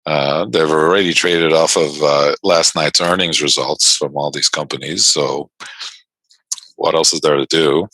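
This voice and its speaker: His voice is very deep, steady and unhurried, yet pushed and bright, coming through with no echo on poor audio. This New Yorker runs a casual trading livestream, bantering with viewers and laughing frequently between takes on the markets.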